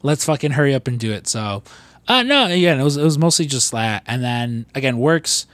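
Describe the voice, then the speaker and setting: A man's voice: medium pitch, very animated, a little fast, a bit bright, no room sound. A young man co-hosting a podcast in casual chat, rambling and swearing freely with lots of fillers and restarts. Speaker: podcast co-host.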